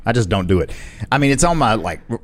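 Male co-host, animated pitch, playful quips over news reads. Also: fast. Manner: playful wisecracks, lively. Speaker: co-host reading news stories. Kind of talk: casual banter reading news.

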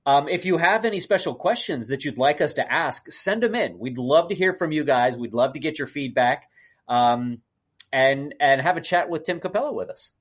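A man's voice: a little high, expressive, moderate pace. Chatty podcast co-host man. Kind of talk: casual chat.

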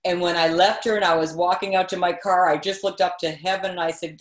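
A woman from Massachusetts, a comedic actress and author, telling stories as an interview guest with lively acted-out quotes. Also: on the low side, fast, echoey room. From Quincy, Massachusetts. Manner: lively storyteller, acts out quotes. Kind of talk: storytelling in an interview.

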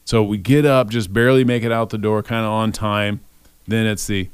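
A man's voice: fairly low pitch, steady tone, fairly quick, clean tone, no room sound. A middle-aged man giving a devotional, telling a personal story in a conversational way and voicing his own thoughts aloud.

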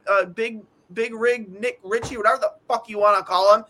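High, bright-voiced exasperated hockey fan. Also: male voice, steady tone, a little fast, a little hiss or hum. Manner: exasperated, rambling, stammering restarts. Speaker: podcast co-host. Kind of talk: casual sports talk.

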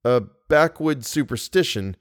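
A man voicing a jittery young hunter who stammers and turns sharp and brusque. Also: mid-range voice, expressive, a little slow, no room sound, studio quality, pitched above the performer's own voice, natural voice. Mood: tense.

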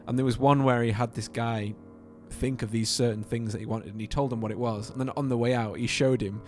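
A man's voice: medium pitch, fairly even intonation, a little fast, a little mellow, faint music behind. A young man co-hosting a podcast, chatting casually and animatedly, swearing and losing his train of thought. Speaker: podcast co-host. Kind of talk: casual chat.

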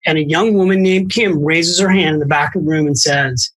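Man, middle-aged, husky voice, animated storyteller, quick asides, podcast guest. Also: on the high side, poor audio. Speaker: guest, financial author.

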